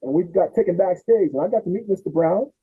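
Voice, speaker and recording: A man in his sixties with a high-pitched, husky voice talks fast as he hosts a podcast. He tells family stories in a casual, animated way, acting out his relatives' voices, over tinny, phone-like audio.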